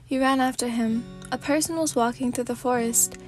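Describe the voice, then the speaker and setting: A woman narrating a fanfic as a sleepy ASMR reading, in a calm, steady storybook manner. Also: on the high side, moderate pace, few pauses, soft background music.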